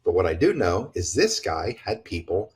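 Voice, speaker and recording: A man with a fairly low voice speaking in a relaxed podcast chat. He talks bluntly and emphatically, swears freely and wanders through asides and restarts. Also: moderate pace. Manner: rambling with frequent restarts and asides. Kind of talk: casual conversational podcast talk.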